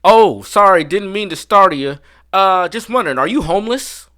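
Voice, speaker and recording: A man's voice: high voice, expressive, moderate pace, bright, forceful tone, voice pushed up. A man putting on a meek older groundskeeper. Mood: apologetic. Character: older male groundskeeper, hesitant and apologetic.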